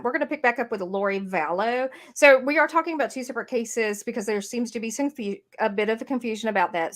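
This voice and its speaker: Chatty woman podcast co-host. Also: mid-range voice. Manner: rambling, many fillers and restarts. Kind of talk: casual true-crime chat. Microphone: streamed podcast mic.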